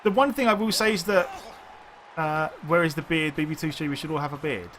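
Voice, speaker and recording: Chatting casually as he streams a game, a man thinks aloud and keeps rambling and restarting his sentences. The voice is a little high and fairly bright, delivered briskly, with slight noise in the background.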